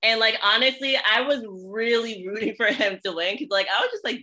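Bright, excited woman hosting a podcast. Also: fairly high pitch, poor audio. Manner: enthusiastic and quick to laugh. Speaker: podcast host. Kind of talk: casual podcast conversation.

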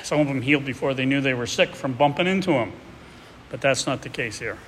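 A man's voice: medium pitch, brisk, fairly bright tone. Man preaching in a reverberant hall. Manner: conversational and reflective, with hesitant restarts. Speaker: pastor. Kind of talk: expository sermon with a read-aloud excerpt. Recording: distant voice with hall reverb and faint noise.

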